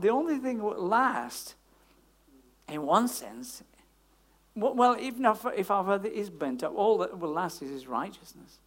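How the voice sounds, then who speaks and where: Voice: mid-range voice, unhurried. Preacher, chatty sermon, voice jumps all over, lots of "isn't it?" asides. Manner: conversational, with frequent tag questions and asides; lively, emphatic delivery.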